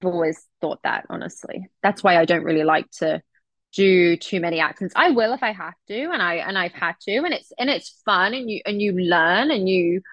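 Chatty English actress, muffled dry audio. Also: female voice, fairly low pitch, normal speed, no echo. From England. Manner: relaxed, chatty, with frequent restarts. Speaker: actress guest. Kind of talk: casual interview chat.

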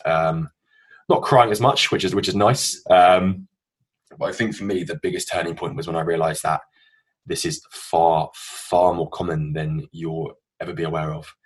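A man's voice: low voice, fairly even intonation, moderate pace, breathy edge. A young man co-hosting a podcast, telling a candid personal story in an earnest, open way and swearing freely. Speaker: podcast co-host.

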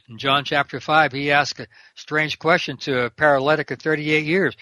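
A man's voice: fairly high pitch, steady tone, moderate pace, pushed and bright, no room sound. An older man, a prison minister and guest, talking fervently in an interview and quoting scripture verse by verse. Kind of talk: preaching interview talk.

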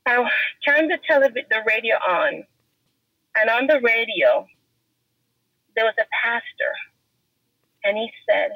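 A woman's voice: fairly high pitch, animated, normal speed, pauses often, no room sound, dull audio. A woman guest giving an earnest, emotional personal testimony in an interview. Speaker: podcast guest.

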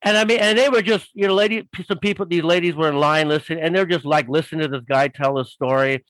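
A man spins a long anecdote as a guest author, rambling and full of fillers. His voice sits a little high and the sound is dry and close. He tells it in a loose, casual way. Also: fast talker, no echo, low-quality recording. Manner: rambling, animated storyteller with many fillers. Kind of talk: casual storytelling.

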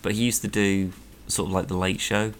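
A man's voice: low-pitched, level tone, a little fast, a little hiss or hum. A man in casual chat as a podcast co-host, who rambles with constant fillers and restarts. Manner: rambling, heavy use of "like", trailing restarts.

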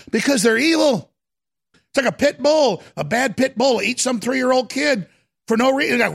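Male talk host, gravelly husky voice, high and wildly swooping pitch, heated shouting rants. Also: expressive, moderate pace. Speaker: radio talk show host. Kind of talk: ranting political talk.

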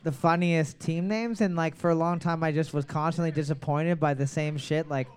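A man with a high, smooth and resonant voice runs a comedy trivia night. He reads every question twice and fills the gaps with crude, joking banter. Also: steady tone, moderate pace. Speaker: trivia host.

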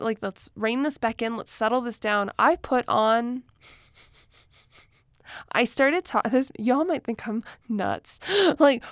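A woman's voice: on the high side, no echo, studio quality. A young woman talking candidly in a casual vlog, chatty, laughing often and using many fillers. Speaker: vlogger and author. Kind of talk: casual personal talk to camera.

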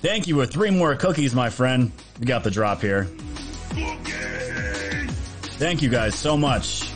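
A man hosting a livestream, casually chatting and thanking viewers for donations with upbeat energy. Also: soft background music. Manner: upbeat, thanks viewers quickly, lively pitch jumps. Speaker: livestream host.

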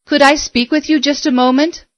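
A woman's voice: mid-range voice, expressive, normal speed, no echo, natural voice. A woman voicing a persistent middle-aged woman astrologer who keeps coaxing and insisting. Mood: insistent.

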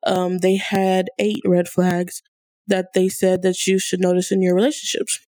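A woman's voice: fairly low pitch, completely flat delivery, a little slow, warm tone, no room sound. A young woman hosting a podcast in a casual, upbeat and encouraging way, hyping up her listeners. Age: young adult. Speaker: podcast host.

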